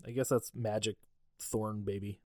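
A man's voice: lowish voice, fairly even intonation, normal speed, no echo, studio quality. A man co-hosting a podcast, recapping a horror movie in casual chat, sarcastic and swearing, acting out characters as he goes. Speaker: podcast co-host.

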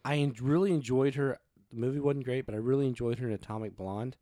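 A man's voice: mid-range voice, quick pace, dark tone, no room sound, studio quality. A man co-hosting a podcast, sharing easygoing opinions on a movie. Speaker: podcast co-host. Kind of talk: casual movie review chat.

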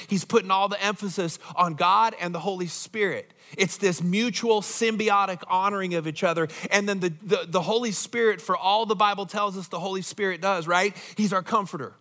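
A man's voice: high voice, moderate pace, bright, forceful tone. A man preaching a sermon as pastor in a conversational way, often asking the congregation questions.

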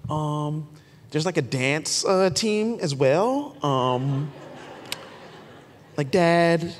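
A man softly doing a hesitant preteen girl. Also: a little high, expressive, drawn-out words, big-room sound, slight background noise. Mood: pleading. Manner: hesitant, full of fillers. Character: preteen girl pleading with her dad.

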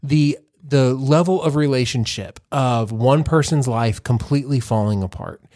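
A podcast co-host in easygoing conversation, he tells rambling stories punctuated by laughs and frequent restarts. His medium-pitched, darkish voice keeps a moderate pace, captured in studio quality without room sound.

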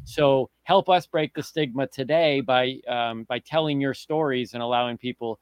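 A man's voice: medium pitch, moderate pace, clean tone, dry recording. A man hosting a casual podcast chat, upbeat and joking with his guests. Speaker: podcast host.

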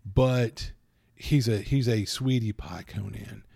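A man co-hosting a casual podcast chat, rambling and animated, acting out little quoted voices, foggy from allergies. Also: fairly low pitch, takes it slowly, creaky, husky, no echo. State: addled by allergies. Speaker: podcast co-host.

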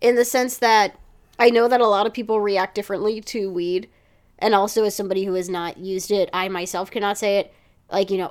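A woman co-hosting a podcast, chatting casually about a TV episode, animated and swearing freely. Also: mid-range voice, a little fast. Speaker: podcast co-host. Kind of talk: casual chat recapping a TV episode.

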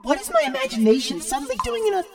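A woman's voice: sits high, racing, over music. An actress playing a woman eagerly telling a fairy-tale story. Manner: animated storyteller.

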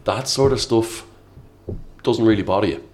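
An Irish man in his thirties chatting as a podcast guest, telling animated stories and acting out quotes. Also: on the low side, moderate pace, slight background noise. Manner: animated storyteller, acts out quotes loudly. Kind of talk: casual podcast chat.

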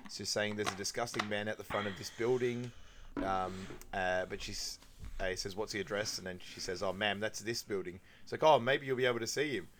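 A man with a fairly low voice chats casually as a podcast co-host. He walks through film scenes one by one, dropping into quoted lines and laughing along the way. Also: brisk, fairly bright tone, slight background noise. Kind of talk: casual film recap chat.

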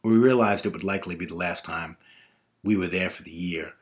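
Man, lowish voice, reflective first-person storyteller, measured delivery.

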